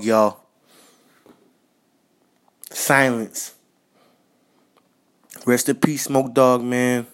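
Man, podcast host, casual spoken tribute, slangy, repetitive, flat delivery. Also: mid-range voice, drawn-out words, long pauses, clear, resonant tone. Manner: repetitive, slangy, addresses listeners directly.

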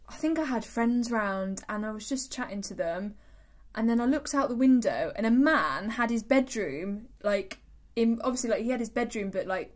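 A woman's voice: medium pitch, darkish tone. A young married woman, co-hosting a podcast and telling rambling stories. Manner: chatty storyteller, rambling asides. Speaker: podcast co-host. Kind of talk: casual chat.

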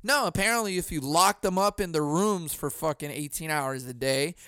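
A man from Southern California hosting a casual solo podcast into a boom mic at home, swearing a lot, laughing often and bursting into loud mock yelling. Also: normal speed, clear, resonant tone, no room sound, studio quality. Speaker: podcast host.

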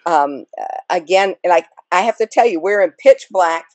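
A woman's voice: lowish voice, expressive, moderate pace, a little mellow, no echo. Chatty woman guest, dry sound. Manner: rambling, chatty with frequent fillers and laughs. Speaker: guest actress. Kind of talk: casual interview chat.

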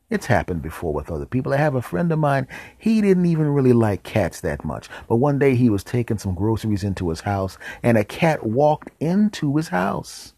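A man hosting a podcast, telling a comic story in a deadpan way and dropping into whispered asides. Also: mid-range voice, husky, no room sound. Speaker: podcast host.

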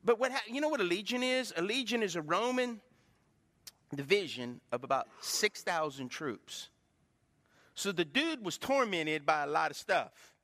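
A man pastors from the pulpit in a high-pitched, animated voice that's bright and forceful, at a normal speed. His preaching runs on call-and-response, with questions called to the congregation, and the church adds long hall reverb.

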